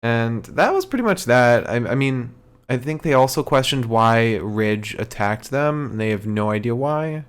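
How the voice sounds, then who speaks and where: A man's voice: mid-range voice, lively intonation, normal speed, smooth. A man co-hosting a podcast, casually recapping the show with lots of ums and easy laughs. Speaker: podcast co-host.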